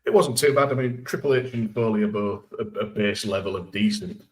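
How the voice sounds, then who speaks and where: A man guesting on a casual podcast, giving dry, measured opinions. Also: fairly low pitch.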